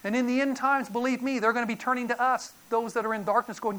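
Animated woman preacher. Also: on the high side, fast. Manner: animated, dramatic storytelling with voices. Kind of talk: sermon.

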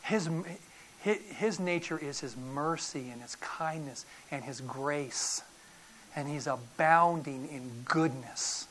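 Man, middle-aged pastor, sermon, folksy storytelling, loud bursts then hushed drops. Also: fairly high pitch, slow pace, a little hiss or hum.

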